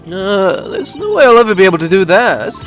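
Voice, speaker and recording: A man voicing an energetic young woman lawyer who complains in quick, exasperated bursts. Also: sits high, faint music behind, voice pushed up. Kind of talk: fan voice-over of a video game.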